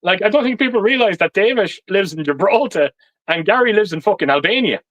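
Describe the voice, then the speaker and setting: A man's voice: high voice, animated, brisk, fairly bright tone, dry recording, muffled recording. A man hosting a casual livestream chat, swearing often and laughing as he stumbles over restarts. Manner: swears constantly, laughs a lot, stammers on restarts. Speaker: livestream host.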